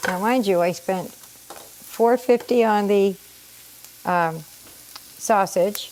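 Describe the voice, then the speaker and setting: A middle-aged woman talks through her cooking in a relaxed, chatty way, her voice a little scratchy from allergies. She sits at an ordinary pitch for a woman and explains every step as she goes. A pan sizzles behind her over a faint background hiss. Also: takes it slowly. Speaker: home cook and channel host. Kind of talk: casual cooking vlog. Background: sizzling pan in a home kitchen.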